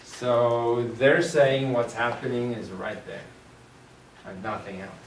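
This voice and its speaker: In a classroom lecture, a man thinks aloud and puts questions to his students, speaking slowly at a medium pitch. The distant mic captures an echoey room and clear noise behind him.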